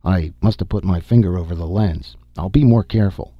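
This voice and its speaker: A man's voice: low voice, brisk, no echo, muffled recording. A man doing an eager, curious archaeologist. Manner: excited, curious delivery. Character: eager, nearsighted male archaeologist, curious and careless. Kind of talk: audiobook character reading.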